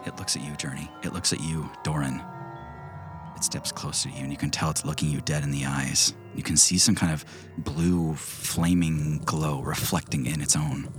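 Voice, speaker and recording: A man narrating a tabletop game as game master in a hushed, dramatic manner that often drops to a whisper. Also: a bass voice, little pitch movement, moderate pace. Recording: music bed underneath.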